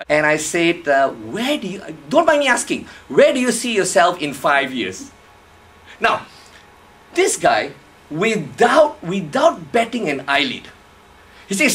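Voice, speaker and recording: Animated man telling a story on stage. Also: high voice, unhurried. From Malaysia. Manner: animated, acts out dialogue with laughs. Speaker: motivational speaker. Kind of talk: storytelling talk to a live audience.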